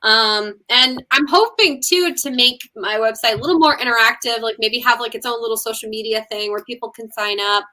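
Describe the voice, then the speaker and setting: A woman's voice: on the high side, brisk, hardly any pauses, sharp tone. A woman who is a musician, chatting casually as an interview guest, with lots of ums and likes. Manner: chatty, many ums and likes, laughs often.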